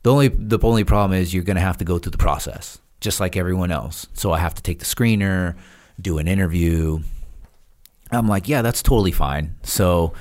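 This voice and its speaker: A man, a podcast guest, telling a story in casual chat and acting out the other people's lines. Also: sits low. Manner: animated, acts out quoted dialogue with laughs. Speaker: podcast guest, retired Navy SEAL.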